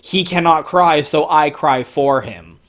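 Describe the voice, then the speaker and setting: A foul-mouthed man delivers a sarcastic comic commentary with deliberate slowness. His voice lurches between excited peaks and mocking, lowered asides. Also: music in the background. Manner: sarcastic, profanity-laden ranting; swings between excited highs and mocking lows. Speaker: comic book reviewer. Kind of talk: profane commentary reading comic panels.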